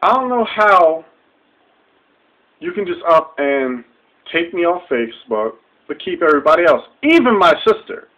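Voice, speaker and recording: In a dull, lo-fi webcam clip, a young man vlogs a direct-to-camera rant that's heated, profane and confrontational. He speaks at a moderate pace in a fairly high, sing-song voice with a fairly bright tone.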